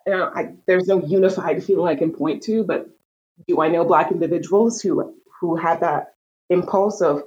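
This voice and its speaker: A woman being interviewed in a casual conversation, telling stories with lively energy and frequent restarts. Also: fairly low pitch, normal speed, muffled recording. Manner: animated storyteller, frequent restarts. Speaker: interview guest.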